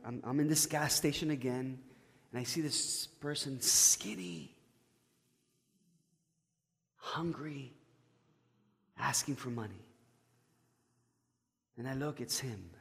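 Storytelling pastor in an echoey church. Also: male voice, medium pitch. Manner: conversational, stammering restarts, swings from loud to hushed. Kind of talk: sermon with personal storytelling.

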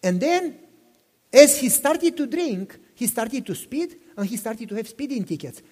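A man's voice: very high-pitched, very animated, measured pace, darkish tone. A pastor in his fifties preaching a sermon, telling personal stories with passion, repeating himself and asking listeners questions. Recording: long reverb in a hall.

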